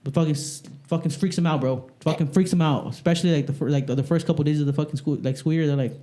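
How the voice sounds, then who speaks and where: A man speaking quickly and colourfully on a podcast, his speech packed with curses and acted-out exchanges. His voice sits a bit high for a man but has a mellow, dark colour. He sounds like someone who works with kids at a school and is swapping stories with friends. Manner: profane, animated storytelling. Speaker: podcast co-host; school staff working with kids. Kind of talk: casual chat.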